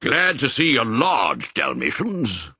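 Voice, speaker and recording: A man's voice: mid-range voice, huge pitch swings, sharp tone, slightly rough, no echo, heavily acted. A man doing a bluff old sheepdog colonel. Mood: hearty. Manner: brisk, bluff, fatherly. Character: hearty elderly male sheepdog colonel. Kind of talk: audiobook character voice.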